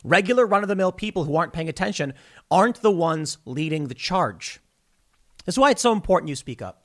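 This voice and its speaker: A man delivers solo political commentary, his voice pitched a little high and swinging widely up and down. He talks emphatically and in bursts, often stumbling and repeating words as he restarts a thought. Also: fairly bright tone.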